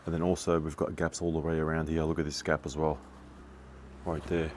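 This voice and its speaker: Touring a building site in an inspection vlog, a man with a rumbling low voice calls out defects bluntly and with exasperation, chatting and laughing at the poor workmanship. His delivery is flat, a little fast, and slightly mellow, with slight background noise.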